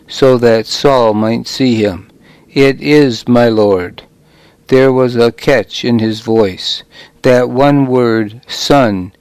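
A man reading a first-person story aloud in a measured, dramatic way. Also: medium pitch, darkish tone, smooth, dry recording, low-quality recording. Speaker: audiobook narrator.

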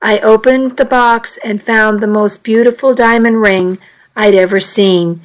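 Slow, soft-spoken woman narrating romance. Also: on the high side, steady tone, poor audio. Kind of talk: first-person romance narration.

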